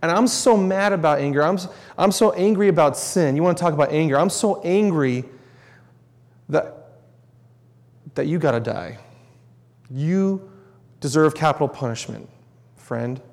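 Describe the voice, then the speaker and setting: A man's voice: a little high, normal speed, long pauses, a little mellow, close to an everyday voice. A man voicing God as stern and wrathful yet merciful, with emphatic, repeated declarations, heard with long hall reverb.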